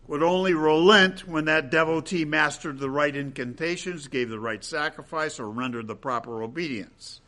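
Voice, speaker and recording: A man preaching a sermon as pastor, swinging between loud emphatic peaks and hushed low passages, with rhetorical questions.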